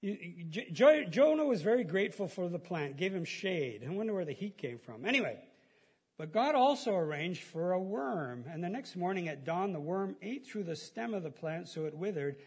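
A middle-aged pastor preaches in a relaxed, folksy way, chuckling as he goes. His voice sits high and has a husky edge. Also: normal speed. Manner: chatty, folksy, laughs at own stories, many restarts. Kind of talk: casual conversational sermon.

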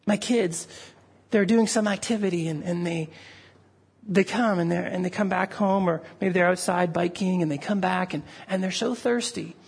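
A man's voice: sits high, gravelly, slightly rough. Earnest man preaching a heartfelt sermon. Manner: earnest, pleading, rises when stirred. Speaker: pastor. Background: gathered congregation.

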